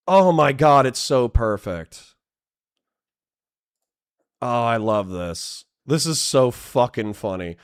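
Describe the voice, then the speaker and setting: Male streamer, casual reaction chat, giggly and profane, drawn-out delivery, pitch leaping up and down. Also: animated, clean tone. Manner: giggly, profane, breaks into laughter often; talks to his chat audience directly. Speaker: livestreamer.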